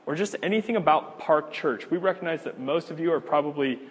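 A man teaching a church class in a relaxed, conversational way, with frequent fillers and easy laughs. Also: a little high, a little fast, slightly rough, in a large hall. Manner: conversational, laughs easily, many fillers and restarts. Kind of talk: casual teaching talk.

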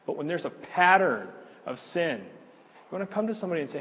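A man teaching a church class in a relaxed, conversational way, with frequent fillers and easy laughs. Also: on the high side, fairly quick, big-room sound, slight background noise. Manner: conversational, laughs easily, many fillers and restarts. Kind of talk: casual teaching talk.

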